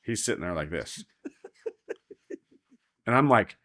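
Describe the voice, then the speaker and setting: A man's voice: lowish voice, a little slow, no echo. A man, a guest on a podcast, telling a story in casual talk, acting out the quoted voices and swearing freely. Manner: animated, acts out quoted dialogue, swears freely. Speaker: podcast guest, team roper.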